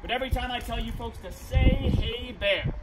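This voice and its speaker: Male park ranger, high voice, projecting to a crowd outdoors, heard from a distance with loud noise around. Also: moderate pace. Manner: projecting, upbeat, leads call-and-response. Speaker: park ranger giving a talk.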